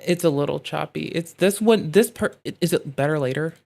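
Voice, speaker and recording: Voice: medium pitch, brisk, vocal fry. Rambling, profane livestream commentator. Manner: rambling, profane, thinks out loud in riffs. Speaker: streamer. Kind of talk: casual reaction stream commentary.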